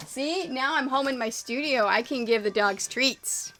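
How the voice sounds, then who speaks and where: A woman's voice: high-pitched, measured pace, few pauses, fairly bright tone, soft background music. Chatty woman live-streaming from her sewing studio. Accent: mixed American and Canadian. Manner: chatty, scattered, talks to chat and her dogs. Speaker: quilting streamer. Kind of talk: casual live-stream chat while working.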